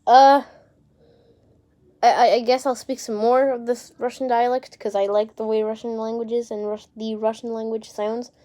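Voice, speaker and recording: Chatty higher-voiced woman rambling. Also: flat delivery, moderate pace, mellow. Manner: rambling, chatty, with restarts and mild swearing. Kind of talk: casual talk to camera, showing off an invented language.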